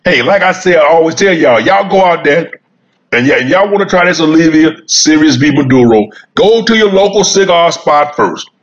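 A man's voice: a little high, expressive, moderate pace, lo-fi sound. A man vlogging about cigars, rambling in a folksy, repetitive way and chuckling as he talks straight to his viewers while he smokes outdoors. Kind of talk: casual rambling monologue. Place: sitting outdoors smoking a cigar.

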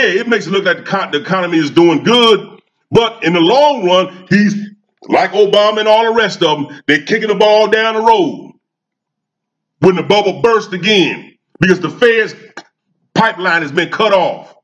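A man's voice: high voice, fairly bright tone, muffled recording. A man, a cigar vlogger talking in a fired-up casual monologue, repeating himself and asking his audience questions.

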